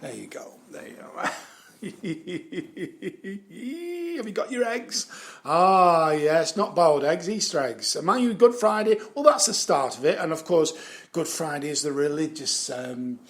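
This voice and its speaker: A man's voice: fairly high pitch, animated, slow pace, a bit bright. A man giving rambling, casual commentary on the news, swearing freely, chuckling often and trailing off with fillers. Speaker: vlogger.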